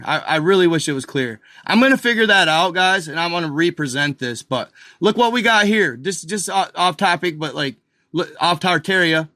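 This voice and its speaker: Man, excitable rambling host, bright forceful tone, dry close sound. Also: high voice, dry recording. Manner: excitable, rambling, addresses viewers as guys and y'all. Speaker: channel host. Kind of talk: casual live commentary over a map.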